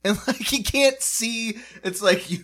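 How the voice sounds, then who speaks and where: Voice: medium pitch, measured pace. A podcast co-host joking and recapping a sitcom episode in casual chat. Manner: animated, jokey, laughs often.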